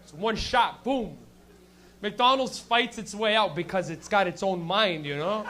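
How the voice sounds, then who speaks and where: Brief: male stand-up host, crude and rambling, high bright voice, small live room. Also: unhurried, a little hiss or hum. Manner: crude, rambling, swears a lot. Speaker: comedy show host and comic. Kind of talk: stand-up and crowd work. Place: small comedy venue with a live audience.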